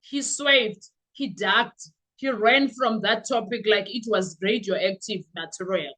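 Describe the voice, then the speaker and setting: A woman with a South African accent hosting a podcast, giving animated, sarcastic commentary full of rhetorical questions. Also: medium pitch, slow, rough recording. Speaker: podcast host. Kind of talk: opinionated commentary.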